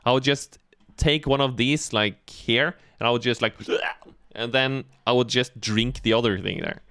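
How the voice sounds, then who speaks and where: A man's voice: medium pitch, a little slow, a bit bright, clear, resonant tone, no echo, clean studio sound. A Norwegian man hosting a reaction video, chatting casually and joking around, laughing often. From Norway.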